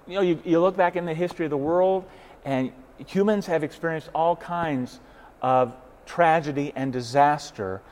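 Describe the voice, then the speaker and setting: A man's voice: a little high, normal speed, darkish tone. A man in a casual faith discussion who speaks earnestly and often repeats words as he starts a thought.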